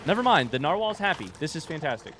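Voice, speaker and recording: A man's voice: on the high side, big pitch swings, fast, background noise. A man streaming a game live, chatting casually and rambling to his viewers. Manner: rambling, chatty, addresses chat directly. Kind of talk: casual livestream chat while gaming.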